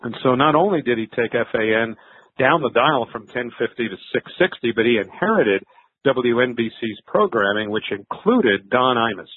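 A man's voice: medium pitch, lively intonation, normal speed, husky, no room sound. An older man, a veteran sports broadcaster, telling stories in a conversational interview, with fillers and restarts. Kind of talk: reflective interview answers. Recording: thin phone-like line.

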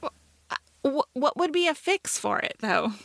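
A woman's voice: high voice, very animated, moderate pace, vocal fry, a bit bright, dry recording. A middle-aged woman co-hosting a podcast, telling a self-mocking story in casual chat, full of fillers. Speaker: podcast co-host.

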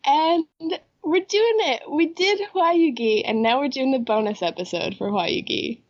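Woman with a head cold, nasal, a bit high, eager podcast cohost, kinda muffled audio. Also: a little slow. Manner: upbeat, eager. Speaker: podcast co-host. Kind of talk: casual chat.

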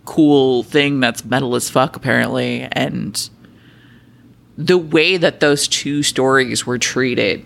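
A woman co-hosting a podcast in casual chat, excitable and sweary, often trailing off mid-thought. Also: a bass voice, takes it slowly, vocal fry. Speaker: podcast co-host.

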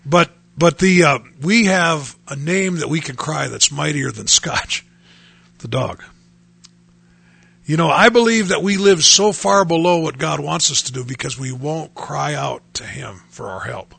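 A man's voice: fairly high pitch, gravelly, bright, forceful tone, slightly rough, dry recording. A middle-aged man preaching on a radio show, earnestly quoting scripture in old-fashioned wording. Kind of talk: radio sermon.

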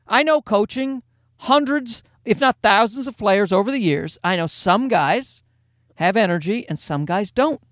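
A man's voice: sits high, expressive, measured pace, a bit bright, no echo, studio quality. A male comedian voicing a blunt, matter-of-fact veteran basketball coach.

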